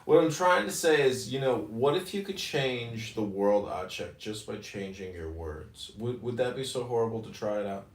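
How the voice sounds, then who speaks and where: A man, a political candidate, teasing others in a casual chat in a dry, deadpan way. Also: mid-range voice, normal speed, few pauses, echoey room, recorded from a distance.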